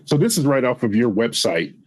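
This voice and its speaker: A man's voice: mid-range voice, very animated, a little fast, low-quality recording. A man hosts a casual interview with a comics creator. His voice sits in the middle range, and his delivery is loose and chatty. He laughs easily and turns to address his audience directly. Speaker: interview show host.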